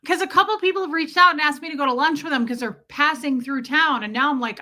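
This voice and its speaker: Bright-voiced chatty American woman. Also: high voice, expressive, quick pace. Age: 40s. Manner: chatty, sarcastic, jokey. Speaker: livestream host. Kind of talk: casual live-stream chat reading viewer comments.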